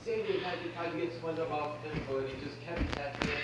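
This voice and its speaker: A man with a somewhat high voice reads a creepy story aloud, steady and flat. He is far from the mic in an echoey room with noise underneath. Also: fast.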